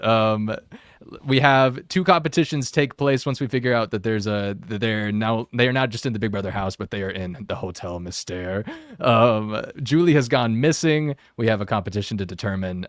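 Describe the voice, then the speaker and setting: Chatty low-voiced man recapping a show. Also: no room sound, clean studio sound. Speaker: podcast host. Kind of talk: casual recap discussion.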